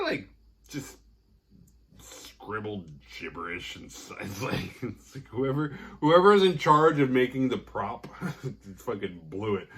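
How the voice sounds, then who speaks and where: A man's voice: fairly low pitch, fairly bright tone, breathy edge. A man hosting a horror movie podcast, casually recapping the plot with profanity and sarcasm and acting out the characters' lines.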